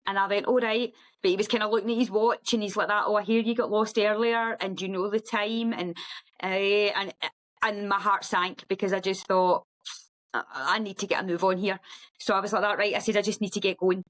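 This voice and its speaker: A woman's voice: mid-range voice, a little fast, poor audio. Scottish woman telling a vivid story. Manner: animated storyteller who acts out quoted speech. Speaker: podcast guest, ultra runner. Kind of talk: casual storytelling interview.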